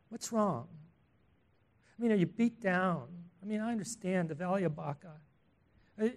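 A man preaching a sermon in an earnest, emphatic way, asking the listeners questions and swelling in loudness on key words. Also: sits high.

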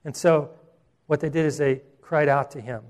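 A man preaching a sermon as pastor, earnest, restarting phrases and slowing down for emphasis. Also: a little high, fairly even intonation, darkish tone.

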